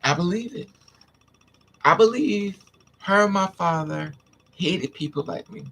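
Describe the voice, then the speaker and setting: A man's voice: high voice, lively intonation, a little slow, gravelly, fairly bright tone. A man vlogger intensely telling a painful personal story to his viewers, repeating himself as he vents. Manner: intense, repetitive, venting.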